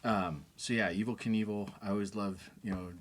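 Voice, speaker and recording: A man with a fairly low voice co-hosts a loose, chatty podcast, laughing easily at his friend's jokes. A faint hum sits under the recording. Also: steady tone, moderate pace. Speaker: podcast co-host, drummer. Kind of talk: casual banter.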